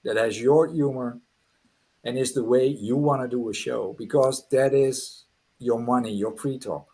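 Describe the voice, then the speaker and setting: Husky-voiced man hypnotist. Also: medium pitch, unhurried, warm tone. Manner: earnest, direct, giving advice. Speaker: guest hypnotist. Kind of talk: podcast advice talk and guided hypnosis.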